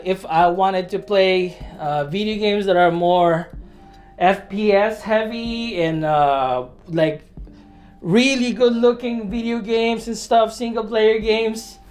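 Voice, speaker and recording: An adult in their thirties talking casually to camera at home while building a computer, rambling and chatty, with self-deprecating asides, lots of filler words and the odd excited whoop. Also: mid-range voice. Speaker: hobbyist vlogger. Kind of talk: casual vlog narration while working.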